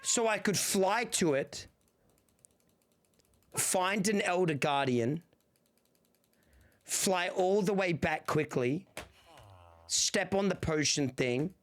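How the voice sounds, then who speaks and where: A man's voice: sits high, animated, slow, pauses often. A young man streaming a game, out of breath, rambling and joking as he talks to his chat. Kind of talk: casual gaming stream chat.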